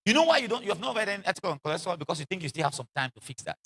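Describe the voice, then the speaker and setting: A man preaches a sermon animatedly, acting out quoted voices, repeating lines for emphasis and laughing between them. His voice is high and husky, and he talks rapid-fire with hardly any pauses.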